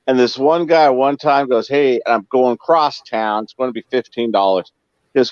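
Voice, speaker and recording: A man's voice: medium pitch, a little fast, no room sound. A man telling casual stories in a chat, acting out the lines of the people in them. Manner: animated, acts out dialogue in quotes. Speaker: co-host, former cab driver. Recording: dull lo-fi dry sound.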